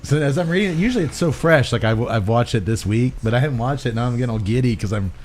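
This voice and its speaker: A man's voice: medium pitch, fast talker, slight background noise. A man hosting a podcast, recapping a movie in casual chat with lots of laughter. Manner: animated, laughing storyteller. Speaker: podcast host.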